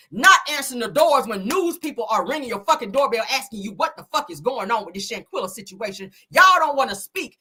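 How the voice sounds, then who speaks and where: A woman's voice: on the high side, sharp tone, slightly rough. A woman hosting her own commentary show, talking casually and heatedly, with lots of profanity and emphatic outbursts.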